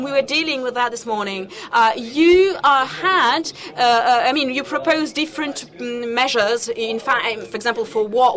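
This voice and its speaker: A woman with a very high voice chairs a conference panel. She puts her questions slowly and haltingly, searching for words with frequent fillers and false starts, on a stage mic. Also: fairly bright tone. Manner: hesitant, many fillers and restarts. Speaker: panel moderator.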